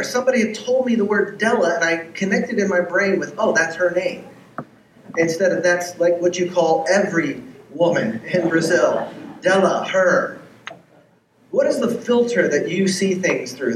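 A man's voice: high-pitched, a little hiss or hum. A man preaching a sermon who tells stories and acts out the dialogue in them. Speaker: pastor. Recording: echoey room, heard from far off.

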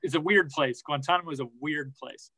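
Bright-voiced man, thoughtful interview answers. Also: on the high side, fairly quick, husky, dry recording, rough recording. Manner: thoughtful, many restarts and fillers. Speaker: podcast reporter, guest.

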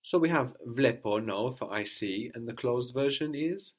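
A man's voice: medium pitch, animated, unhurried. A man teaching a language lesson, patiently prompting questions and repeating the learner's answers.

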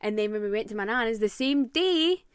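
A young Scottish woman co-hosting a podcast, telling ghost stories in a lively, swearing, animated way. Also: fairly high pitch, a little fast, smooth, dry recording. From Scotland. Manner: animated storyteller, swears freely, acts out voices. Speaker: podcast co-host. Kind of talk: casual chat, storytelling.

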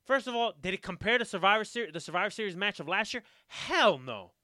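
Male co-host, high and bright, dry close mic, emphatic and animated. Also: fast talker, dry recording. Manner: animated, emphatic, swears freely. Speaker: podcast co-host. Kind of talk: casual wrestling chat.

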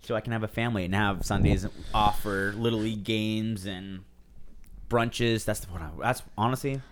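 A man's voice: lowish voice, steady tone, normal speed, background noise. A man in casual chat, telling stories animatedly and acting out quoted lines with teasing humour. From San Diego area.

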